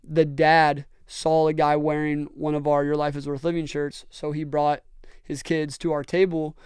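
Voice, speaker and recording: A man's voice: a little high, flat delivery, normal speed, a little mellow, smooth, dry recording, clean studio sound. A young man, earnestly telling rambling stories as a podcast host. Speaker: podcast host and brand owner. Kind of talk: casual storytelling chat.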